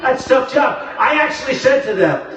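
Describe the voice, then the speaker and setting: Boastful man, booming arena echo. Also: expressive, moderate pace, a bit bright, faint music behind. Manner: rambling, boastful, repetitive. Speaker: political candidate. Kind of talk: campaign rally speech. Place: large packed arena. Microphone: phone livestream from the crowd. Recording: very echoey arena from far off.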